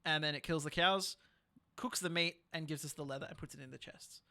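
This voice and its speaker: A man's voice: on the high side, steady tone, fairly quick, bright, forceful tone. A man in a casual game chat, patiently explaining how something he built works. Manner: explains patiently, laughs easily. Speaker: guest player.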